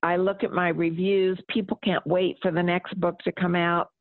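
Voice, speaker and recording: A woman's voice: on the low side, little pitch movement, normal speed, no echo. A middle-aged woman author answering interview questions and reading aloud from her novel, speaking earnestly. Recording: tinny phone line.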